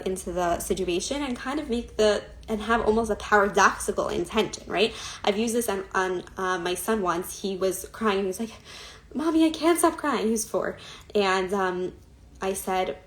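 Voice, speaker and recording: A woman's voice: medium pitch, moderate pace, fairly bright tone. A woman coach giving a chatty talk on an Instagram live, with many fillers, asides and light laughs.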